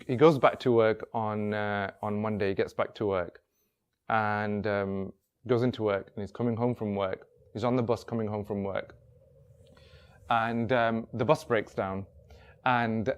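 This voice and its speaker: Man telling a story casually. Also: medium pitch. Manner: drops his voice quieter for quoted speech. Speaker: workshop speaker.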